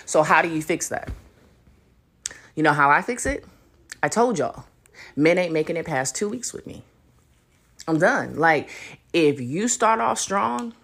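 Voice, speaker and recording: A young adult woman hosting a solo podcast, talking in a blunt, profane and animated way. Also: sits low. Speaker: podcast host. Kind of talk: casual solo podcast rant.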